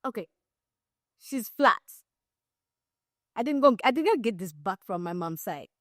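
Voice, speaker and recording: A young Ugandan woman co-hosting a podcast, telling a family story in a relaxed, frank way that is full of "you know.". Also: fairly high pitch, unhurried, no room sound, studio quality. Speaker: podcast co-host. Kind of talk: casual storytelling chat.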